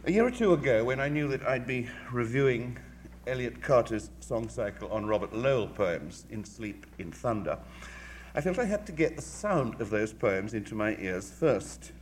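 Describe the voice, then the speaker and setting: A man's voice: medium pitch, lively intonation, a little hiss or hum. Articulate man giving a lecture. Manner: measured, articulate, with dry wit. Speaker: music critic. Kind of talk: formal lecture.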